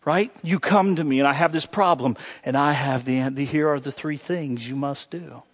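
A male pastor preaching a sermon with animated, humorous storytelling. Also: a little high, normal speed.

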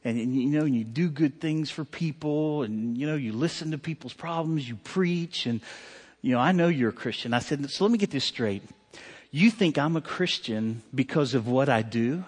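Male pastor, mid pitch, earnest conversational sermon delivery, long hall reverb. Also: moderate pace, husky. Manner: conversational, heartfelt, many fillers and restarts. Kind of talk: sermon storytelling.

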